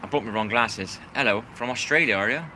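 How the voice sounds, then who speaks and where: A man's voice: mid-range voice, a little fast, sharp tone, slight background noise. An English man talking casually on a live stream, rambling and repeating himself as he greets viewers in the chat. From England.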